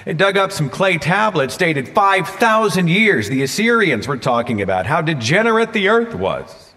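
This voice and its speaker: A man from Oklahoma, USA, with an Oklahoma accent gives a live public talk as a guest speaker in a lecture hall, captured in a reverberant recording. His high voice is very animated, pushed and bright, at a moderate pace, and he repeats phrases for effect in an emphatic, dramatic way.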